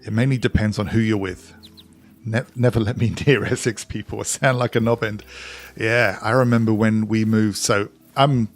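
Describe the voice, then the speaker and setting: Gravelly streamer with English-Scottish accent. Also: male voice, lowish voice, fairly even intonation, normal speed. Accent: mix of English and Scottish. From England. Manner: chatty, reads out and answers chat while playing. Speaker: game streamer. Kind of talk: casual live-stream chat with viewers.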